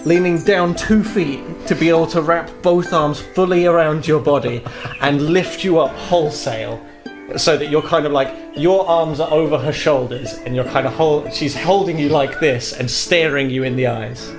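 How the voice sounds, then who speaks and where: A man's voice: a little high, normal speed, music in the background. A man running a tabletop role-playing game as game master, narrating in a chatty, rambling way with lots of fillers.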